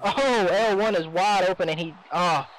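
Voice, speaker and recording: A man commentating his own video game match, swearing often and swinging between excitement and exasperation. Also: high voice, normal speed, poor audio. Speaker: gameplay commentator.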